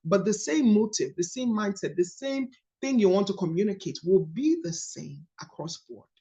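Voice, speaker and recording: A woman in her thirties with a Nigerian accent, leading a coaching call on a book study in a lively, emphatic teaching manner. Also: medium pitch, normal speed. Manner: animated, storytelling, emphatic. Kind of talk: casual teaching talk.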